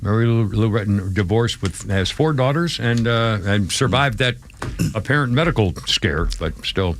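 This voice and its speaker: A man co-hosting a live radio show who laughs often, reacts quickly and speaks in halting asides. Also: lowish voice, animated, a little hiss or hum. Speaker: radio co-host.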